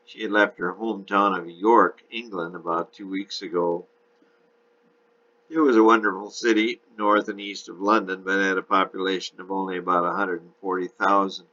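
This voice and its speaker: A man narrates a novel chapter in a steady storytelling voice. His tone is very deep yet bright and forceful. The recording sounds a bit dull and lo-fi.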